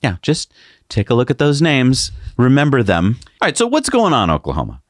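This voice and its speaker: A man co-hosting a casual news chat, sarcastic and animated. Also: mid-range voice, normal speed, no echo, clean studio sound. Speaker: co-host.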